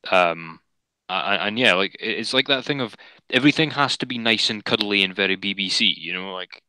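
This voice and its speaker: A man's voice: lowish voice, a little fast, sharp tone, clear, resonant tone, dry recording, low-quality recording. A man co-hosting a casual political podcast, speaking in a wry, dismissive way. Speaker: podcast co-host.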